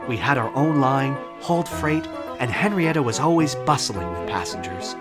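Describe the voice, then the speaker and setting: A man voicing a small, gentle old male tram engine who speaks softly, wistful and apologetic. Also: mid-range voice, expressive, normal speed, loud music behind the voice, pitched above the performer's own voice, lightly acted.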